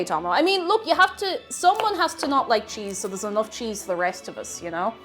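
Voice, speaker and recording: A woman's voice: on the high side, expressive, a little fast, soft background music. A young woman with a Tipperary Irish accent, chatting casually with her livestream chat while she cooks, giggling and greeting viewers. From Tipperary, Ireland. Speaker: cooking streamer.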